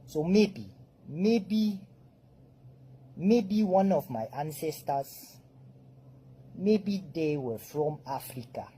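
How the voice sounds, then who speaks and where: Slow-talking man with a Jamaican accent. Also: on the high side, lively intonation, warm tone, slight background noise, poor audio. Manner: slow, easygoing, drifts into patois. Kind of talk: direct-to-camera monologue.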